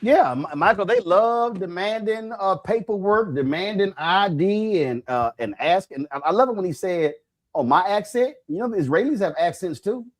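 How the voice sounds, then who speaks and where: Male panelist, higher pitch and animated intonation, blunt and casual delivery. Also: normal speed, hardly any pauses. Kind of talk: political commentary on a panel show.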